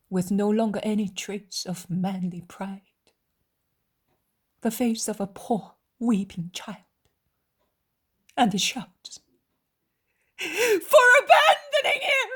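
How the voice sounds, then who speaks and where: Woman audiobook narrator, hushed and solemn, breathy and unhurried. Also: mid-range voice.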